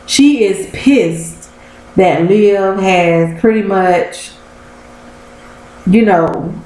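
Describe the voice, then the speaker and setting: A woman in her thirties recapping a TV episode in a casual vlog, telling it like an animated story and speaking straight to her viewers. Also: medium pitch, drawn-out words. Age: 30s. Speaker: TV episode reviewer. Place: room at home. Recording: roomy echo.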